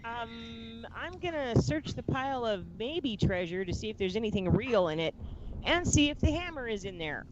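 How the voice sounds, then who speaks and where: A woman playing a tabletop game, wry and joking, on a muffled recording with steady noise. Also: on the high side, moderate pace. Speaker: player. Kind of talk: casual tabletop play.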